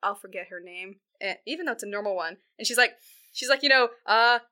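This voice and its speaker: A woman's voice: medium pitch, fast, sharp tone. A woman in casual chat, animatedly retelling a film and acting out the characters in silly voices. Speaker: podcast co-host recapping a film.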